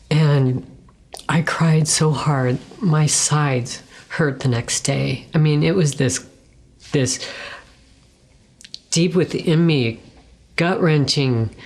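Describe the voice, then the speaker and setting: Here a middle-aged woman with a deep, darkish voice recounts her personal testimony as a guest. It comes across as conversational storytelling, earnest and full of emotion, as she acts out remembered words from herself and others, at times slipping into a whisper and pausing.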